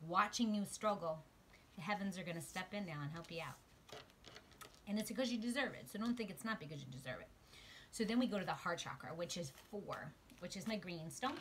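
A woman giving a spiritual tarot reading to her viewers, emotional, shifting from quiet murmurs to excited exclamations. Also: fairly low pitch, slight background noise. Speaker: tarot card reader. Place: outdoors.

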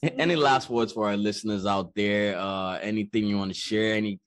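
Male podcast host, lowish voice, upbeat and encouraging while wrapping up the interview. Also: fairly even intonation, normal speed. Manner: upbeat and encouraging, friendly thanks to the guest. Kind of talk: interview wrap-up.

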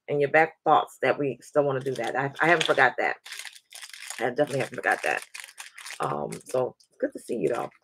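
A woman in her forties hosting a live show, chatting and telling a story in a lively way, often restarting her sentences. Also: a bass voice, creaky, slight background noise. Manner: animated, repeats words as she restarts, acts out quoted voices. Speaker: show host. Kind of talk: casual livestream chat and storytelling.

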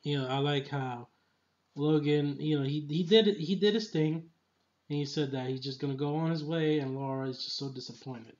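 A man's voice: fairly high pitch, steady tone, normal speed, darkish tone, muffled recording. A man giving a casual, enthusiastic film review, rambling with lots of filler phrases. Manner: enthusiastic, rambling, full of "you know".

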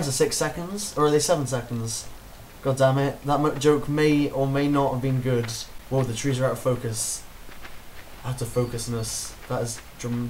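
A man's voice: mid-range voice, a little slow, long pauses, slight background noise, poor audio. A man doing gameplay commentary, joking around and talking to himself as he plays, recorded on a desktop mic. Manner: goofy, jokey, talks to himself while playing. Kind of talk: let's play commentary.

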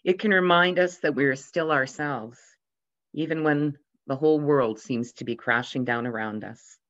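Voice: medium pitch, moderate pace. A pastor preaching a sermon, telling light humorous anecdotes and briefly raising the voice for the quoted characters. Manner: gently storytelling, lively voices for quoted characters. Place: church. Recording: dull lo-fi sound.

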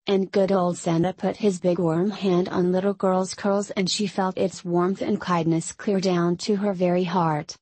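A woman reading a children's story aloud in a gentle manner, speaking to her listeners as children. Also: lowish voice, flat delivery, measured pace, few pauses, breathy edge, no room sound, low-quality recording. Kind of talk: read-aloud Christmas storytelling.

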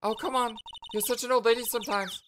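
A woman's voice: fairly high pitch, steady tone, fast talker, noisy background, voice pushed up, lightly acted. A woman reading game dialogue aloud as a bouncy, teasing teenage girl spirit medium. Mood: playful teasing.

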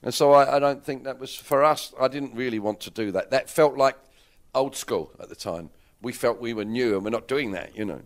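A man's voice: mid-range voice, a little fast. A man in his sixties with an English accent, answering interview questions in a rambling, candid way that keeps correcting itself. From England. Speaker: interviewed musician. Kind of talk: casual interview chat.

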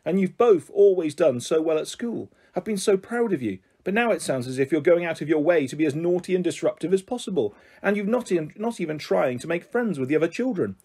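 A man's voice: fairly high pitch, animated, a little fast, hardly any pauses, warm tone, breathy edge. A man doing an exasperated scolding father. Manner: scolding, disappointed. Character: stern, exasperated father scolding his twin daughters.

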